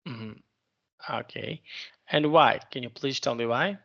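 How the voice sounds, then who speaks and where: A man's voice: mid-range voice, a little slow, dull audio. A man teaching an online English lesson, patiently repeating and rephrasing each question for his student.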